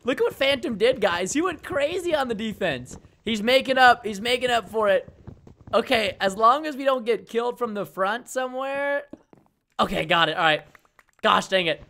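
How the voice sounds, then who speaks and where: A young man hosting a live game stream, talking energetically and bursting into shouts when the action heats up. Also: high voice, normal speed. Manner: energetic, excitable, bursts into shouting during fights. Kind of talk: excited live stream commentary.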